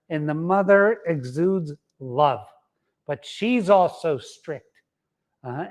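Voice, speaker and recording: A middle-aged man delivers a motivational talk with a fairly high voice for a man. He speaks emphatically, repeats words for stress and fills pauses with uh-huh. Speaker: wellness center founder giving a talk.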